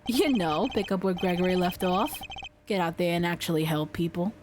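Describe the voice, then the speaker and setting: A woman voicing a gruff, easygoing middle-aged male defense attorney, reading video game dialogue aloud in a low, drawling put-on voice. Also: normal speed, noisy background, natural voice. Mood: coaxing.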